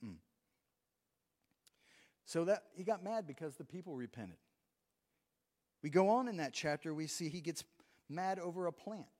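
A man's voice: fairly high pitch, expressive, moderate pace, pauses often, darkish tone. A man preaching a sermon in a conversational way, reading scripture aloud between his own remarks. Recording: long reverb of a large hall.

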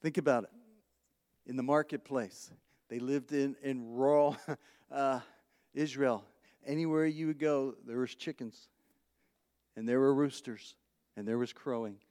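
A man's voice: medium pitch, fairly even intonation, a little slow, long pauses, darkish tone. A man preaching a conversational sermon, chuckling often, repeating words as he thinks, and asking the congregation questions. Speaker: pastor. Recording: long hall reverb.

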